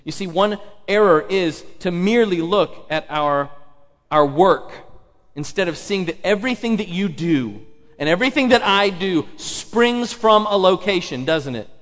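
A man's voice: high-pitched, animated, unhurried, a bit bright. A male pastor preaching a sermon, emphatic, repeating key phrases and asking the congregation rhetorical questions. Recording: long hall reverb.

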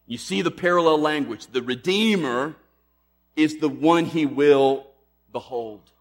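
Man preaching, big swings loud to soft, some music behind. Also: a little high, measured pace. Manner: emphatic, swings between loud and hushed. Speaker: pastor. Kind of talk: sermon.

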